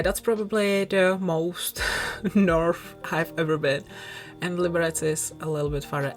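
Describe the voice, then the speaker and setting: Rambling young Czech woman, lowish voice. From southern Bohemia, Czech Republic. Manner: rambling, self-conscious, laughs often. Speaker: YouTuber. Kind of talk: rambling casual chat over a speedbuild. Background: soft background music.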